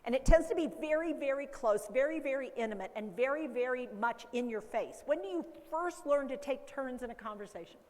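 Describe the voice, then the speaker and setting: Female speaker, high-ish voice, animated conference lecturer, long hall reverb. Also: brisk, few pauses. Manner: animated, acts out baby talk and caregiver voices. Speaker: dementia care educator. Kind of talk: conference talk.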